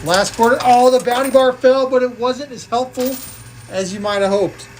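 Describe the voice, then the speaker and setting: A woman's voice: on the high side, moderate pace, a little hiss or hum, low-quality recording. A woman hosting a live coin-pusher game stream, calling plays and tallying scores in a playful, jokey way. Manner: playful, jokey, counting totals aloud. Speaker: live game show host. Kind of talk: live-stream play-by-play commentary.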